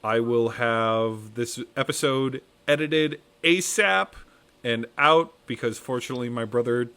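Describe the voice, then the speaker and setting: A man's voice: medium pitch, measured pace, sharp tone, smooth. A man hosting a podcast, wrapping up in a casual, rambling chat and restarting phrases as he goes. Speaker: podcast host.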